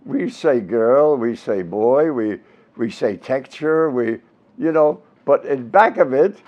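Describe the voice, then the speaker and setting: A man's voice: mid-range voice, a little slow, lo-fi sound. A man in his nineties with a Brooklyn accent, telling old stage stories in an interview and slipping into comic voices. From Brooklyn, New York. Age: 90s. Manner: animated storyteller, bursts into comic voices and sung bits. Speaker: interviewed performer. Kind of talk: casual interview with comic impressions.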